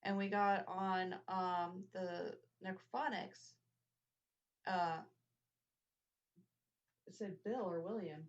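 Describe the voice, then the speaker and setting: A woman's voice: lowish voice, steady tone, takes it slowly, long pauses. Chatty woman telling a rambling story. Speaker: family member of the house. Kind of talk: casual storytelling chat. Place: indoors in an old house. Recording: slightly muffled lo-fi.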